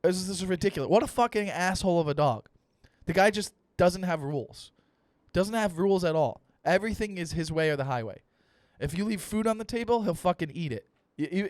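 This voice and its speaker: A young adult man hosting a comedy podcast, ranting with animated, profane storytelling and acted-out dialogue. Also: fairly high pitch, no room sound, studio quality. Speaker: comedian host.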